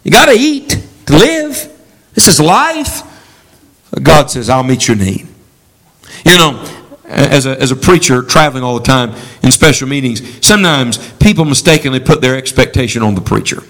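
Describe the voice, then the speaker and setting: A man's voice: normal speed, poor audio. A man preaching a sermon as a traveling preacher, leading the congregation in call-and-response. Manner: animated, swooping pitch for emphasis.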